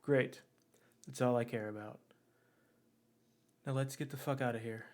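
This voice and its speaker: A brusque adventurer barks orders at his companions, as a tabletop player puts him on. The man's voice is mid-pitched and blunt, with casual cursing and a commanding edge. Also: fairly even intonation, a little slow, a little mellow, lightly acted. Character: brusque male adventurer leading old comrades.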